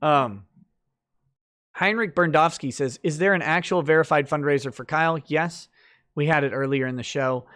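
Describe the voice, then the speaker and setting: A man's voice: a little high, normal speed, a bit bright. A man hosting a late-night livestream, chatting loosely through viewer comments with lots of fillers and restarts.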